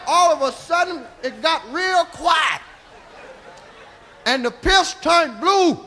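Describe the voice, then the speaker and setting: Male stand-up comic, very high and bright voice, profane rambling story, live stage with faint noise. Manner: profane, rambling tall tale with tag "see?"; drops to a hushed voice for quoted lines, rises to shouting at the climax. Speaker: stand-up comedian. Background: audience laughter.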